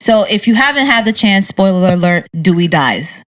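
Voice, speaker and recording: A woman's voice: mid-range voice, expressive, moderate pace. Woman co-host chatting casually. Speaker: podcast co-host. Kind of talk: casual chat.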